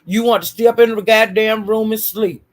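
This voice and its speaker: A woman's voice: fairly high pitch, fairly even intonation, moderate pace. A woman ranting in a YouTube commentary, scolding and swearing nonstop with repeated insults. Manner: profane, scolding, repetitive insults.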